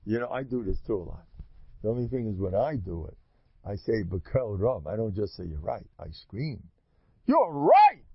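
A man's voice: on the low side, moderate pace, creaky, husky, dry recording. A man giving an informal religious talk to an audience, rambling through stories and acting out both sides of conversations. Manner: rambling storyteller who acts out dialogue. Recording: muffled lo-fi recording with faint noise.

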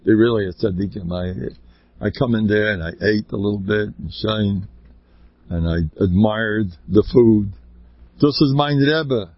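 Husky male speaker, informal Torah talk, jokey, pitch jumping all over; dull, dry lo-fi recording. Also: measured pace, dry recording. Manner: animated, joking, big pitch swings; sprinkles Yiddish and Hebrew words. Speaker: religious speaker.

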